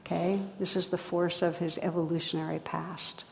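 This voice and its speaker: A woman meditation teacher gives a dharma talk in a somewhat low voice, gentle and reflective. Her phrasing is unhurried and full of pauses. A long reverb trails behind her words in a large hall. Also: level tone, gravelly.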